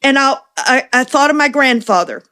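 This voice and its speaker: A woman in her seventies telling a personal story in conversation, animated and acting out the voices of people she quotes. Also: high voice, moderate pace. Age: 70s. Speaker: guest.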